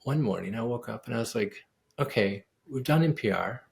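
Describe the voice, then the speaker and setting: Gravelly-voiced man telling an animated story. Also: medium pitch, a little fast. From United States. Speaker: guest pianist and composer. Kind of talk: storytelling in a casual interview.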